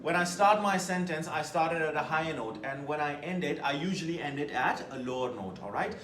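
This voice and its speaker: Animated male teacher in an echoey classroom. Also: fairly high pitch, fairly quick, a little hiss or hum. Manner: lively, emphatic, asks the class questions. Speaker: test-prep teacher. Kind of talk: classroom lecture.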